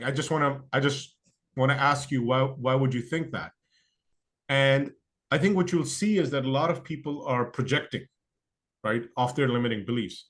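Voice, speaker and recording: A man talks through his ideas as an interview guest, pausing on fillers and restarting sentences as he goes. His voice sits at a middling pitch for a man. Now and then he slips into quoting other people's excuses. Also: fairly bright tone. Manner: thoughtful, lots of fillers and restarts. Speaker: podcast guest. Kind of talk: conversational interview.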